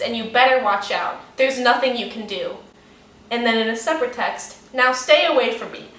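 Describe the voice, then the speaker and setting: Bright-voiced young woman telling a story. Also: fairly high pitch. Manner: animated, swears freely, lots of "like". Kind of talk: casual storytime. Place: room in front of a window. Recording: echoey room, mic a bit distant.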